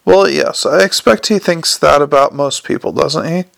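A man reading the part of a quick-witted, exasperated man under police questioning, sarcastic and flustered. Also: fairly high pitch, vocal fry, fairly bright tone, no room sound. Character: quick-witted exasperated male con man turned banker.

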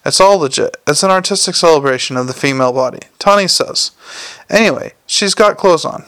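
A man's voice: fairly high pitch, a little fast, a bit bright, clear, resonant tone, no echo, natural voice. A man voicing a scruffy, chatty male watchman corporal who talks in a cheerfully matter-of-fact way in an audiobook. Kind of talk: audiobook character voice.

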